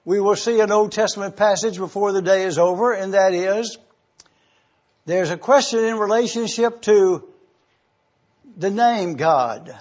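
Male preacher, high husky voice, slow deliberate delivery, lo-fi sermon recording. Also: darkish tone. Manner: slow, deliberate teaching with emphatic pauses. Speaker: preacher teaching scripture. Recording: dull lo-fi recording.

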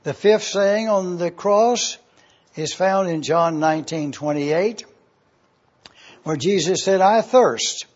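Man, preacher, slightly high voice, unhurried teaching sermon. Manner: slow, deliberate, repeats points for review. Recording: dull lo-fi recording.

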